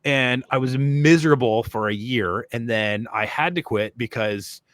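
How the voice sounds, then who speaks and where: A man's voice: medium pitch, unhurried, a bit bright, no room sound. A man co-hosting a podcast, telling stories in casual chat with lots of fillers. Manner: rambling storyteller, many fillers. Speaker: podcast co-host.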